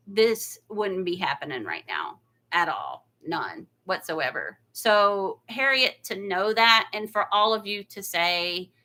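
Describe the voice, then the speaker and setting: A woman's voice: mid-range voice, sharp tone. A woman hosting a casual craft livestream, chatty and gushing, laughing often and close to tears. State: near tears. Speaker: craft channel host.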